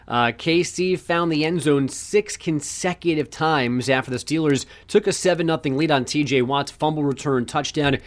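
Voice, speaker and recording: A man reading sports headlines on a talk show, delivering them briskly with wry asides. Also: fairly high pitch. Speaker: sports news anchor.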